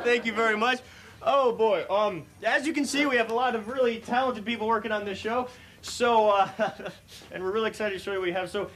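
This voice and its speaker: Awkward upbeat sketch host, male, high lively voice, faint hiss. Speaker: comedy show host. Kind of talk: mock talk-show hosting.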